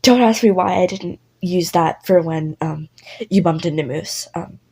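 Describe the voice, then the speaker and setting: A woman narrates a listener role-play story in a loose, rambling way, piling on fillers, swearing, and apologies. Her voice sits low, with a gravelly, husky texture and a dark, mellow tone. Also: measured pace, poor audio.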